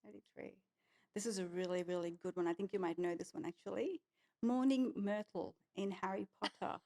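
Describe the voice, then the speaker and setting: A woman with a mid-range voice hosts a relaxed interview. She fires off quiz questions in an upbeat way and keeps the chat moving. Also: mid-range voice, fairly quick, vocal fry. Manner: upbeat quizmaster, leading questions. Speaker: host.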